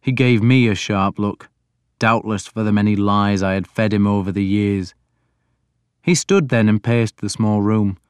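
A man giving a deliberate, even first-person audiobook narration. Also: fairly low pitch, clear, resonant tone, no room sound, clean studio sound.

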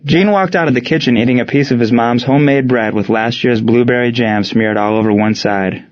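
A steady male audiobook narrator. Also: medium pitch, fairly quick, highs cut off, slight background noise.

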